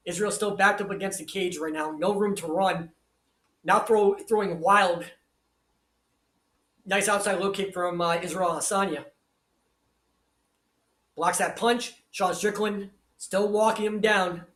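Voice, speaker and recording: A man's voice: high voice, fairly even intonation, unhurried, pauses often, fairly bright tone, reverberant. A man giving crude, profane live commentary on a fight, swearing constantly and reading out viewer comments. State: shouting with excitement.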